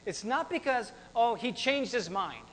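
Male pastor, high voice, energetic conversational sermon, church reverb. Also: a little slow. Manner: animated, repetitive, conversational preaching with rhetorical questions.

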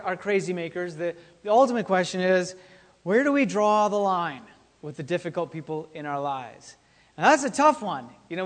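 A man's voice: high voice, in a large hall. A man who is the lead pastor, preaching a casual, joking sermon full of fillers and stories in a church. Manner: chatty, joking, with frequent fillers. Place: church sanctuary.

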